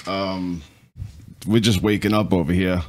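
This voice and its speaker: A man co-hosts a laid-back morning stream. His voice sits a little low, and he talks loosely and with hype, dropping curses as he goes. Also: steady tone, unhurried. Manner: loose, swearing, hyped. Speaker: co-host. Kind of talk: casual morning stream chat.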